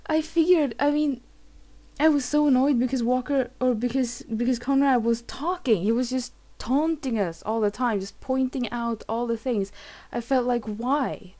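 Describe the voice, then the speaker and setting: High, mellow-voiced woman gamer. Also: unhurried. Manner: emotional, swearing, many restarts. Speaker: let's play host. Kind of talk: casual game commentary.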